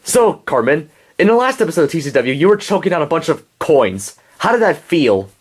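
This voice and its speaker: A man in a homemade puppet show, interviewing puppet guests in an excitable, rambling way. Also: on the high side, brisk, breathy edge.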